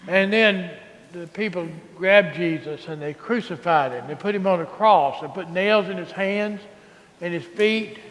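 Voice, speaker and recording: A priest with a drawl speaks to children in an animated, coaxing way, his voice pitched high for a man. The sound rings with the long reverb of a large church hall. A faint ambient hum sits behind him. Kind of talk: children's sermon.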